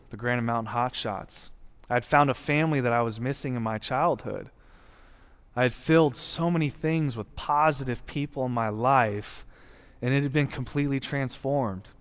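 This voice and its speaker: A man's voice: medium pitch, clean tone. Earnest man telling his story in a reverberant hall. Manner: earnest, reflective storytelling with deliberate pauses. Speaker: guest speaker sharing testimony. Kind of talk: personal testimony.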